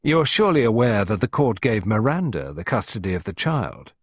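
An insolent, sneering man with a smooth, mocking delivery, voiced by a male narrator a little higher than his own low register. The tone is slightly husky and the recording is dry and close. He sounds amused at everyone's expense. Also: big pitch swings, brisk, dry recording. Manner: brusque, mocking and impertinent.

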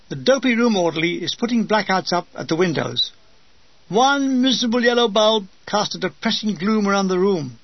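A man's voice: sits high, lively intonation, fairly quick, slightly rough, no room sound, muffled recording. An older man reading his humorous wartime memoir aloud with a dry comic delivery, briefly mimicking his comrades.

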